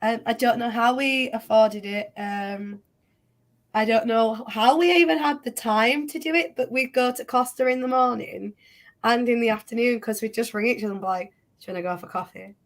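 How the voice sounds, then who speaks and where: A woman's voice: a little high, moderate pace. A woman from Yorkshire with a Yorkshire accent, a guest chatting frankly and casually. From Yorkshire, northern England. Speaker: guest, psychic medium. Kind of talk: casual chat.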